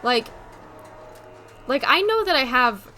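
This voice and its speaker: A woman streamer with a slight New England accent, chatting casually with her chat, rambling with lots of "like" and quick laughs. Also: high-pitched, sing-song, bright, forceful tone, faint music behind.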